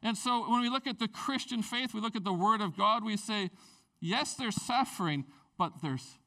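A man preaching a conversational sermon, acting out the people in the story and swinging between loud bursts and hushed, intimate passages. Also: high-pitched, moderate pace. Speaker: pastor.

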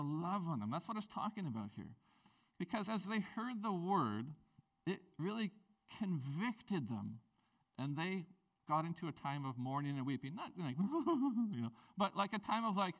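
A man preaching a sermon as a pastor, in a conversational, animated way with playful asides. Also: fairly high pitch, moderate pace, recorded from a distance.

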